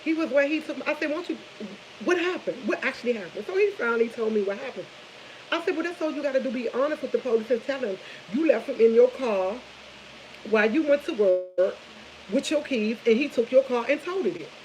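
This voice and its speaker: A woman's voice: high-pitched, a little fast, slight background noise, rough recording. A woman, chatting casually over morning coffee, rambling from subject to subject and retelling a long story. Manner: rambling, jumps between subjects, animated storytelling. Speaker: vlogger.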